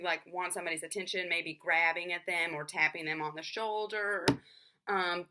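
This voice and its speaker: A woman's voice: on the low side, noisy background. A young woman explaining a topic in a casual, chatty way, full of fillers like "um" and "like". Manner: filler-heavy, frequent "like" and "um". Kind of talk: casual spoken explanation to camera.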